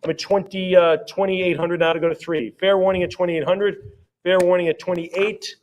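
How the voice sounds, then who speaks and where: A man working as an auctioneer at a live sale, rattling off rising bids in quick repeated calls and breaking off for friendly asides about the items. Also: sits high, little pitch movement, muffled recording, slight background noise. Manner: rapid repetitive bid calling with chatty asides.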